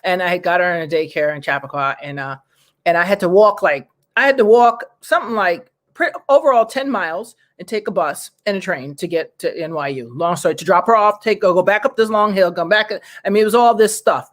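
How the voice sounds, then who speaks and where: A woman from New York hosting a talk show, telling personal stories in a rambling, lively way. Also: lowish voice, a little fast. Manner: rambling, restarts sentences, lively retelling. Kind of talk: casual interview chat, personal storytelling.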